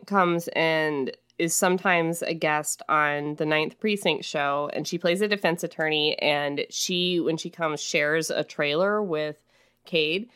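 A young woman co-hosting a podcast, recapping a book in casual chat, animated and quick to jump up in pitch when she jokes. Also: clean tone. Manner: animated, jumps high in pitch when joking. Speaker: podcast co-host.

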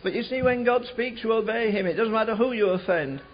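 A man preaching a sermon, telling a revival story in an animated way, slowing and rising for emphasis. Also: high-pitched. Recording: dull lo-fi recording.

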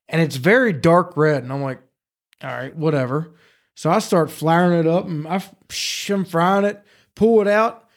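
Man, higher-pitched voice, casual studio chat, swears freely, animated storytelling. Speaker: podcast co-host.

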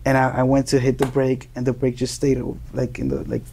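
A young man from Colombia, a native Spanish speaker, telling casual stories as an interview guest, animated and laughing often. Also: mid-range voice, brisk, gravelly, slight background noise. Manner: animated, laughing, acts out quoted voices. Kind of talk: casual storytelling.

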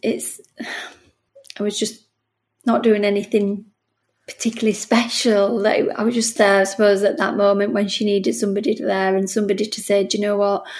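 Speaking at normal speed, a middle-aged woman with a medium-pitched, slightly mellow voice and little pitch movement talks about being a bereavement midwife. She's a podcast guest in a casual interview, earnest and emotional, with frequent restarts and acted-out conversations.

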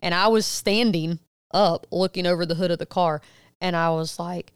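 A woman in her thirties co-hosting a podcast, retelling a story in casual chat and acting out quotes with loud, cursing outbursts. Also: lowish voice, normal speed, clear, resonant tone, no room sound, clean studio sound. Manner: animated retelling with loud acted quotes and swearing. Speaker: podcast co-host.

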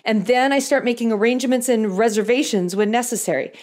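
A woman's voice: on the high side, fairly even intonation, brisk, a little mellow. A middle-aged woman hosting a podcast, telling a personal story with dry, self-deprecating humor before moving into Bible teaching. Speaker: podcast host.

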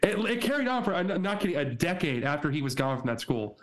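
A man co-hosting a podcast, telling stories in a relaxed casual chat, laughing often and swearing freely. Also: on the high side, fast talker. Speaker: podcast co-host. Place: Argentina.

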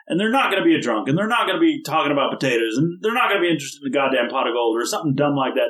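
A man's voice: on the high side, animated, very fast, few pauses, a bit bright. A man in casual podcast chat about tabletop gaming, talking in an emphatic, exasperated, ranting way. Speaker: podcast co-host, tabletop gamer. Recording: roomy echo.

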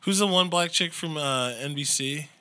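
A man hosting a podcast, trading crude comedic banter with friends and breaking into loud laughs and mock impressions. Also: on the high side, normal speed. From Northeast Ohio.

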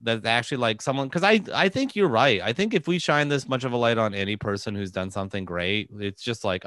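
A man's voice: medium pitch, expressive, a little fast, hardly any pauses, a bit bright, dry recording. A man co-hosting a podcast, chatting casually and laughing often. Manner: laughs often, mocking voices for quoted people. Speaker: podcast co-host. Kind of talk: casual comedic podcast chat.

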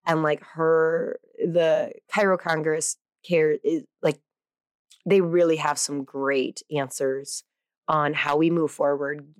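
A woman's voice: low voice, steady tone, slow, dry recording, clean studio sound. A woman hosting her podcast, chatting casually and animatedly, with lots of fillers and self-corrections. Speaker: podcast host. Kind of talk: casual solo podcast intro.

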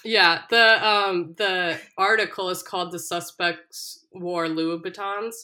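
A woman's voice: fairly low pitch, slow pace. A young woman casually chatting on a podcast, animatedly retelling a reality show and acting out the quotes with frequent laughter. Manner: animated storyteller, acts out quotes, laughs often. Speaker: podcast co-host.

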